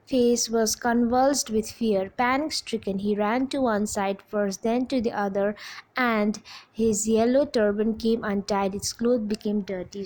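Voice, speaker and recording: A young woman teacher with an Indian English accent, retelling a story to her class in a halting way, often stopping to check in with "okay?". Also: mid-range voice, a little mellow, low-quality recording.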